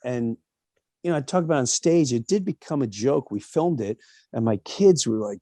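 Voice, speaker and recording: A middle-aged man telling a personal story in a candid monologue, animated and emphatic, acting out the voices of people he quotes. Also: medium pitch, moderate pace, no echo, clean studio sound.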